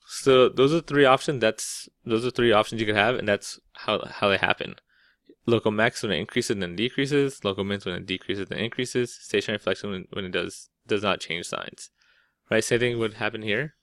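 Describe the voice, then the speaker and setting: Man teaching math, casual lecture, lowish pitch, dry recording, frequent "right?". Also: a bit bright, dry recording. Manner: casual, repeats "right?" often, restarts mid-word. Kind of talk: explaining calculus over a whiteboard.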